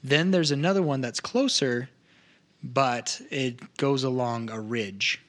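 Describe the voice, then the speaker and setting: A man as game master, explaining to players in a halting, roundabout way. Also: medium pitch, fairly bright tone. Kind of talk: narrating a tabletop game.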